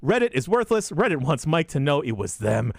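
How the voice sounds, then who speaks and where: A man hosting a podcast, reading a rapid list of listener shout-outs in a deadpan way with crude jokes. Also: gravelly, dry recording, studio quality. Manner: deadpan delivery with sudden pitch jumps and crude jokes.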